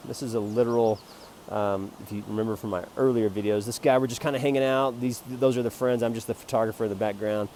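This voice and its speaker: A man rambling jokingly about his photo prints in a self-promoting monologue, jumping between loud bursts and quiet mutters. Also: fairly low pitch, fairly even intonation, quick pace, hardly any pauses, slight background noise. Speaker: amateur photographer selling prints.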